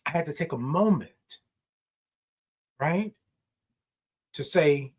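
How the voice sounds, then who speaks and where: A middle-aged man hosting a live morning show, talking in an animated, preacher-like way, repeating phrases and reading viewer comments. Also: on the high side, slow, long pauses, husky. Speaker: host.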